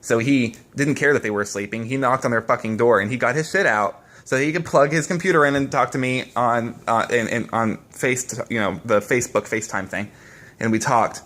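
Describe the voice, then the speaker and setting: A man's voice: mid-range voice, fairly quick, fairly bright tone. Upset young man, swearing vlogger. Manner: emotional, swearing, many restarts and fillers. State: upset, shaken. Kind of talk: casual vlog talk to camera. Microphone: camera mic, face-to-face video.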